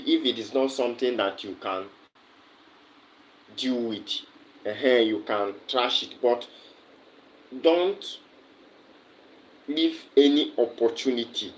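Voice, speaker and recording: Poor audio captures a medium-pitched man with a Nigerian accent hosting a livestream. His casual chat with viewers, replying to their comments, is full of fillers and repeated words.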